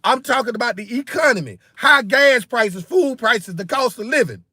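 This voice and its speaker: A man's voice: very high voice, animated, moderate pace, sharp tone, slightly rough, dry recording, studio quality. A man, hosting a political commentary livestream. He rants heatedly, repeats himself, and keeps calling his viewers "bro" and "man.". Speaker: political commentary channel host.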